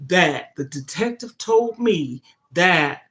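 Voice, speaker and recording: A woman's voice: lowish voice, animated, takes it slowly, fairly bright tone. A middle-aged woman hosting a casual livestream, talking emphatically and often checking in with "okay?". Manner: emphatic, keeps asking "okay?". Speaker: livestream host.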